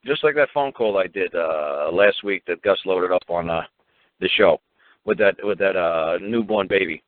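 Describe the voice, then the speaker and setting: A man from New York with a New York accent, ranting fast and profanely on a radio talk show, acting out other people's voices as he goes. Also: low-pitched. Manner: fast, profane, repetitive, acts out quoted voices. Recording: tinny phone line, dry.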